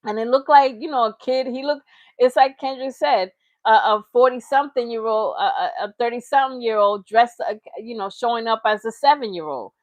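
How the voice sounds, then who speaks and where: A woman's voice: on the high side, brisk, no room sound, lo-fi sound. A young adult woman hosting a casual commentary channel, mocking and rambling playfully with made-up words. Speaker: reaction channel host.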